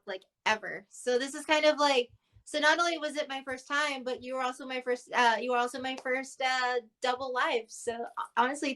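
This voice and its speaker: A woman answers as the guest in a casual live chat. Her voice is high and bright, and she speaks in a friendly, grateful way with short answers. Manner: friendly, brief replies, grateful. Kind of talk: casual live-stream interview.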